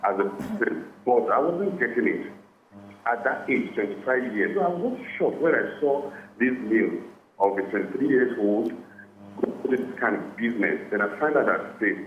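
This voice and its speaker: Quiet man calling in on a muffled line. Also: medium pitch, expressive. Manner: halting, repeats words, asks "are you getting it?". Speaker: caller. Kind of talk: phone-in comment. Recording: muffled, roomy phone line with faint noise.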